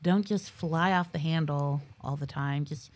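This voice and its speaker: A middle-aged woman hosts a relaxed conversation and tells stories with lively energy, laughing often. Her voice is slightly low. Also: a little slow. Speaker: podcast host. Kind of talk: casual chat.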